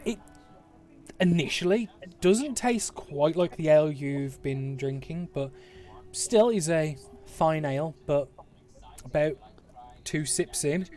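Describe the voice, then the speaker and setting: English West Midlands man, game master, casual swearer, rambling, higher register. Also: expressive, takes it slowly, mellow, soft background music. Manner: swearing, laid-back, rambling. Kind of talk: narrating a tabletop game online. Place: home, online session.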